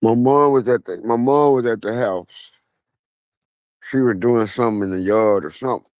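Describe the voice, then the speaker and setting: A man's voice: mid-range voice, moderate pace, dry recording. Laid-back man talking slang. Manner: relaxed, slangy street talk with many fillers. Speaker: vlogger. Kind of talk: casual storytelling monologue. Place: outdoors at a graveside.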